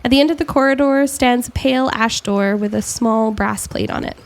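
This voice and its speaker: A woman's voice: fairly high pitch, fairly quick. Woman narrating a tabletop game. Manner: descriptive, with frequent ums and self-corrections. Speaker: game master.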